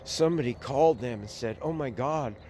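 An older man with a drawl rambles on in a casual vlog, his voice sitting at a middling pitch. He talks outdoors, and a faint wash of background noise runs under him. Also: a little fast, darkish tone. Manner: rambling, talks to puppies in a high cooing voice. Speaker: animal sanctuary owner. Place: outdoors at an animal sanctuary.

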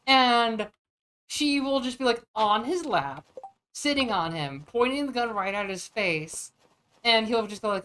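A woman vtuber streaming a farming game, chatting casually in an animated, crude, joking way and often swearing. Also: a little high, unhurried. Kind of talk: casual gaming stream chat.

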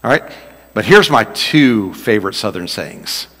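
A man's voice: fairly low pitch, animated, measured pace, fairly bright tone. A man preaching a sermon as pastor, joking and folksy as he tells stories. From Louisiana. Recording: long reverb of a large hall.

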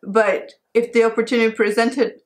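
A young woman in her twenties with a slightly raised pitch, sharing personal thoughts in a casual chat. She speaks hesitantly, pausing to find her words, with shy little giggles in between. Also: little pitch movement. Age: 20s. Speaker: co-host.

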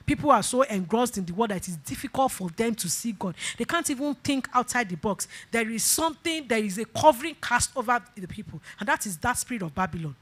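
A woman's voice: on the high side, animated, brisk, hardly any pauses. A woman pastor preaching a sermon, leading call-and-response, repeating phrases and breaking into emphatic bursts. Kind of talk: sermon exhortation.

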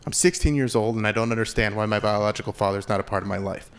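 A man voicing a sulky sixteen-year-old girl in a low, subdued, confessional tone, recorded live over audience noise. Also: fast talker, natural voice. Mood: sullen.

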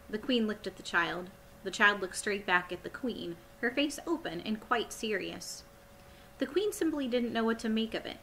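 A woman teacher reading a chapter book aloud to children in a friendly, clear way. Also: medium pitch, animated, moderate pace, sharp tone, a little hiss or hum, low-quality recording. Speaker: elementary school teacher.

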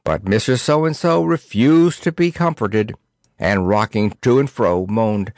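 A man reading a children's storybook aloud in an expressive, theatrical way. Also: lowish voice, a little slow, dry recording, clean studio sound. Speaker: audiobook narrator. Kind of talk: storybook narration.

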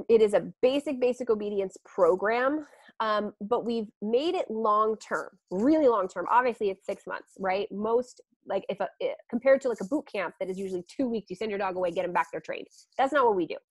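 A woman dog trainer, a guest on a podcast interview, explaining her training in a lively way with frequent laughs. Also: on the high side, moderate pace, dry recording. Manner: animated, laughs often, acts out quotes.

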